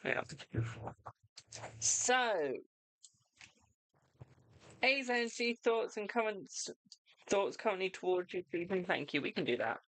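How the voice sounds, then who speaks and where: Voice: medium pitch, lively intonation, slow, long pauses, fairly bright tone, no room sound. A tarot reader hosting a casual livestream, chatty and informal, talking straight to the viewers while sounding tired. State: tired, yawning.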